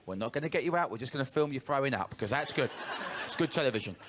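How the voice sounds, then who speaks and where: A man warming up a TV studio audience with cheeky, teasing jokes. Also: mid-range voice, racing. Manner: cheeky, joking, lively and teasing. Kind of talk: audience warm-up patter. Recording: noisy studio crowd. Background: studio audience laughing and cheering.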